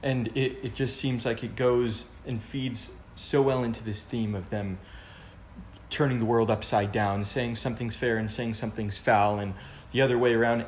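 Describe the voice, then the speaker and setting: A man with a mid-range voice reflects out loud and often restarts as he hunts for the right word. His voice carries a noticeable room echo. Faint noise runs in the background. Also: medium pitch. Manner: thoughtful, searching for words with restarts. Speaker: podcast co-host. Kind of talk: casual discussion.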